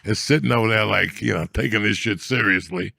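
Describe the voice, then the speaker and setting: A man's voice: fairly low pitch, a little fast, vocal fry, bright, forceful tone, no room sound, studio quality. A man hosting a comedy podcast, telling profane, rambling stories in crude casual banter.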